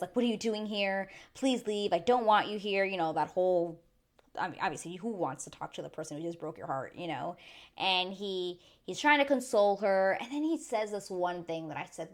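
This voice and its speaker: A woman giving a chatty, animated recap to her channel viewers, acting out quotes as she goes. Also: medium pitch. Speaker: YouTube reviewer. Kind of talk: casual recap monologue.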